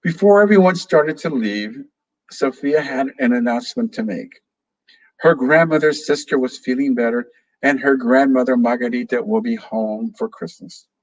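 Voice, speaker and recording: A man with a mid-range voice, a children's author appearing as a guest reader, reads a storybook aloud to children. He speaks slowly and expressively, addressing the kids directly. The recording is rough.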